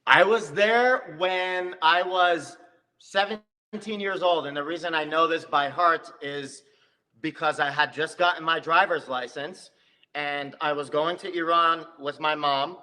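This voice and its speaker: A man in his thirties talks as an interview guest, slightly high in pitch and bright. He tells animated stories and slips into the voices of the people he quotes. His voice rings out in a space with a long reverb tail. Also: unhurried. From United States, Persian family. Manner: animated storyteller who acts out quoted voices. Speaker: interview guest, comedy video creator. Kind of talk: casual interview chat.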